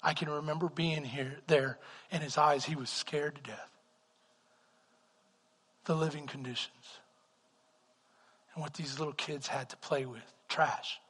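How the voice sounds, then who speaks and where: Middle-aged male pastor, animated sermon storytelling, high voice, husky edge, long hall reverb. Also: a little slow, long pauses. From Texas. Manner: animated storytelling, swings from hushed to loud.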